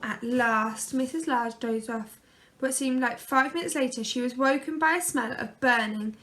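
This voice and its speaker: A woman reading a children's picture book aloud, gently and expressively. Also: a little high, moderate pace. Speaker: storyteller.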